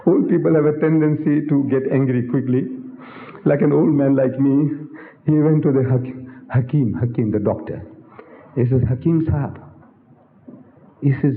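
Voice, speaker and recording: A man's voice: medium pitch, expressive, normal speed. Older guy lecturing, theatrical, lots of rhetorical questions, voice bounces around a roomy hall, phone-thin old tape. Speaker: Islamic lecturer. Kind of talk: public lecture. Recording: echoey hall, tinny old recording.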